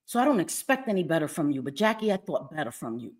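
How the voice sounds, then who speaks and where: This woman's voice is low, fast and sing-song. She's a middle-aged livestreamer on a webcam or phone, venting angrily and profanely at her chat and repeating herself throughout the rant.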